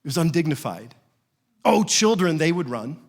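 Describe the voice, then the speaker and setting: Animated storytelling pastor, man, reverberant church. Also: on the high side, normal speed. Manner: storytelling, animated, acts out quotes. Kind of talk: sermon.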